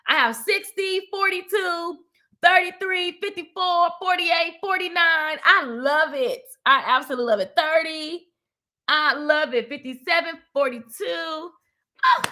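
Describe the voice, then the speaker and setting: A woman hosting a casual faith-based motivational talk, animated and preachy, calling her viewers "baby" and "honey.". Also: high-pitched. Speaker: host of a live motivational stream.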